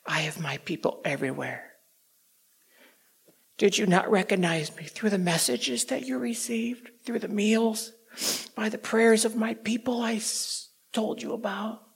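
A man voicing God as a calm, firm male divine voice, speaking slowly and quietly in a gravelly, husky tone. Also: high-pitched, heavily acted. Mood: reassuring.

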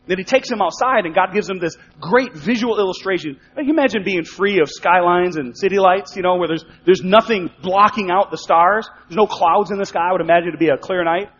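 A man preaching a sermon in a conversational way, acting out quick spoken asides. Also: sits high, a bit bright. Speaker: pastor. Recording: dull sound with long hall reverb.

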